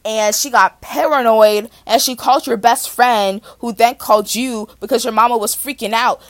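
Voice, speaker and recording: A woman mocking her therapist, making her blunt and teasing, louder and a little higher than her own talk. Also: fairly even intonation, moderate pace, natural voice. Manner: loud, teasing mock reenactment.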